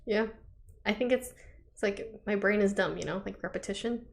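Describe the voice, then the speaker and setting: Creaky-voiced woman trading playful quips. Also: medium pitch. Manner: playful, quick quips, laughs often. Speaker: podcast co-host. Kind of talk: casual chat.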